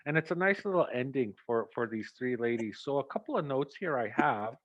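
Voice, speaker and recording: A man directing a community play, giving rehearsal notes in an animated way and acting out lines. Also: mid-range voice, fairly quick, hardly any pauses. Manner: animated, acts out lines, chuckles often. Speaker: theatre director. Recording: dull, dry lo-fi sound.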